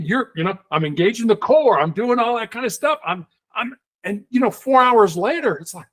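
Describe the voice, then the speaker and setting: A middle-aged man, a guest in an interview, telling stories in a lively conversational way and acting out the people he quotes. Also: high voice, normal speed, hardly any pauses. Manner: animated, acts out quoted voices. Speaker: guest, former hostage negotiator.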